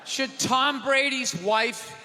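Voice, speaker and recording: Ranting stand-up comic in a big theater. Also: male voice, very high-pitched, slow pace, faint music behind. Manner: loud, ranting, exasperated delivery. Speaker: stand-up comedian. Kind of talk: stand-up comedy set. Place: large theater stage with live audience. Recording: live theater recording with long reverb and crowd.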